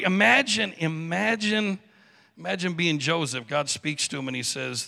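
A man preaching a sermon in a church with animated delivery, acting out biblical figures with joking asides. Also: high voice, unhurried, gravelly. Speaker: pastor. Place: church sanctuary. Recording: reverberant church hall.

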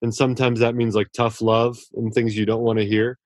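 A man's voice: mid-range voice, flat delivery, a little fast, no room sound. Male author guest, earnest and effusive, restarts a lot, dry recording. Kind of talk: casual interview talk.

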